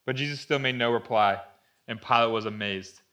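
Bright-voiced male preacher telling a story. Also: mid-range voice, brisk. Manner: storytelling, acting out voices in Bible readings; drops to a hushed tone at dramatic moments. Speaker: pastor. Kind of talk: sermon.

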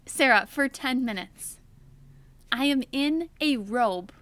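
Young woman telling a story with a lively voice. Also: slow pace, no room sound. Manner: animated storyteller, many "like"s, voice jumps high when retelling her yelling. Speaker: podcast co-host. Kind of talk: casual storytelling chat.

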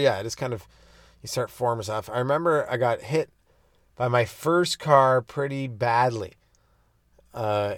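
Recorded at studio quality with no echo, a young stand-up comedian from Canada with a mid-range voice hosts his own podcast. Alone at the mic, he rambles through profane childhood stories, loosely jumping from goofy bits to tales and back.

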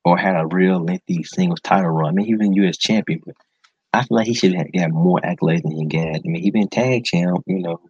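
Male podcast host, casual and slangy, excitable, husky low voice, lo-fi mic. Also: brisk, no room sound. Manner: enthusiastic, slangy, repeats words for emphasis. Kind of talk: casual solo podcast commentary. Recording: dull lo-fi sound, dry close mic.

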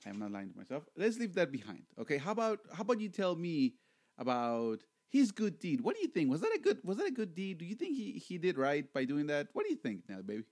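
A man hosting a casual podcast chat. He is jokey and animated, and he often repeats his words. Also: fairly high pitch, fast talker. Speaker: podcast host.

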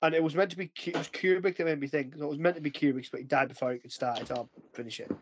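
A man's voice: fairly high pitch, rapid-fire, highs cut off, a little hiss or hum. Rambling man on a podcast. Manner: rambling, loses his train of thought, laughs often. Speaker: podcast host. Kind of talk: casual chat.

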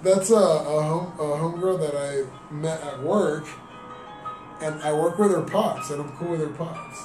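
A man's voice: on the high side, measured pace. Young man, slangy swearing storyteller, roomy distant mic, music behind. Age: young adult. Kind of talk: casual chat.

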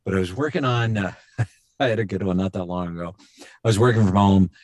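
A middle-aged man, a voice actor guest on a show, telling animated stories in casual chat and slipping into quick impressions. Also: deep voice, no room sound.

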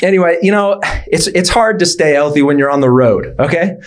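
A man performing a stand-up routine, building his bits to shouted punchlines. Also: fairly high pitch, fairly quick. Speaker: stand-up comedian.

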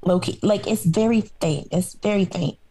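A woman from Harlem, co-hosting a podcast in casual conversation, opinionated and quick to laugh. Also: on the low side, warm tone, slightly rough. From Harlem, New York. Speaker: podcast co-host. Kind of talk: casual chat.

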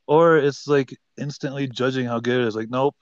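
A man co-hosting a casual podcast, making dry jokes in halting phrases. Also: mid-range voice, no room sound. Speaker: podcast co-host. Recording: dull, lo-fi.

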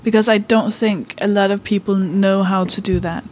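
A woman's voice: medium pitch, steady tone, moderate pace, a little mellow. Rambling, chatty woman podcast host. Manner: chatty, rambling, self-interrupting. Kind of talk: casual podcast chat. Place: London arts club.

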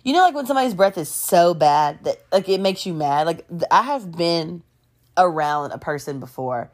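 Animated woman telling a gossipy story. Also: fairly low pitch, normal speed. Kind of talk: casual storytime.

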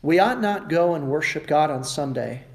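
A male pastor preaching a sermon emphatically, rising sharply in pitch and volume at his high points and mimicking other people sarcastically. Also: lively intonation, moderate pace. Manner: emphatic preaching with wide swings in pitch and loudness; mocking voices of the world in sarcastic asides.

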